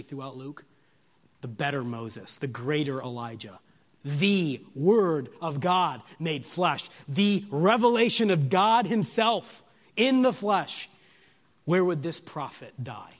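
A man preaching an expository sermon. He asks his listeners rhetorical questions and moves from soft, low lines to raised, emphatic ones. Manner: lingers on single words for weight.

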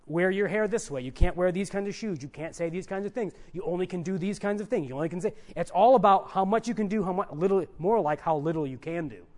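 High-voiced man preaching an emphatic sermon. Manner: emphatic, rises loud on key points, then drops to soft asides.

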